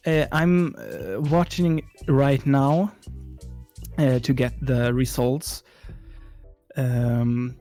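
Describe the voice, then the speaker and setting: Guy calling in, real slow, hesitant, gravelly mellow voice. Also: mid-range voice. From Sweden. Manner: hesitant, halting. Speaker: guest on a call. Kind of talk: casual chat. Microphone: remote call.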